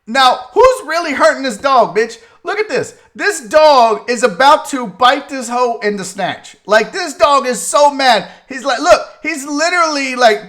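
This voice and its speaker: Male comedy talk host, high, bright voice, swears freely, laughs a lot. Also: measured pace, few pauses. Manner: animated, profane, laughs a lot. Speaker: sports radio host. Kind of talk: comedic commentary on a video.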